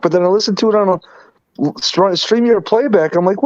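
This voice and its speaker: A man's voice: high-pitched, animated, fairly quick, no room sound. A man hosting a livestream, chatting casually and asking laid-back questions. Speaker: livestream host. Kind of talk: casual chat. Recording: dry, dull lo-fi mic.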